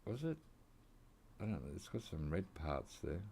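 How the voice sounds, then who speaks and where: A man's voice: sits low, sing-song, moderate pace, gravelly, mellow, a little hiss or hum. An Australian man rambling casually while he plays a hunting game, drifting into side chat. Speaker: gaming channel host. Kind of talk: casual gameplay commentary.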